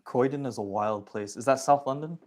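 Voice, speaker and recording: A man's voice: mid-range voice, brisk, a little mellow. A young man from the area, chatting casually with viewers on a phone livestream, slangy and reading chat comments aloud. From Toronto area, Canada.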